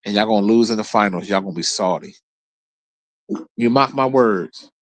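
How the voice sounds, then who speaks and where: A man's voice: lowish voice, normal speed, no echo. A man hosting his own show, ranting about basketball in a blunt, profane, trash-talking way. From Philadelphia area. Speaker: host. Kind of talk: casual sports rant.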